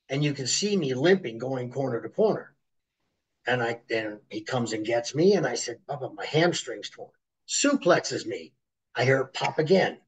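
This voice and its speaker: This is a middle-aged man with a gravelly, breathy voice. He is an interview guest swapping wrestling stories. He is animated and acts out the people in his stories. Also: medium pitch, poor audio. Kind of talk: storytelling interview.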